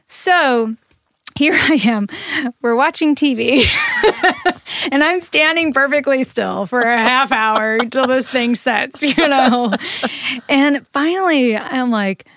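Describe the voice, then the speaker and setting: Woman podcast host, kinda high voice, dry close sound, animated and laughing as she tells it. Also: slow pace, dry recording. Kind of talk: casual storytelling chat.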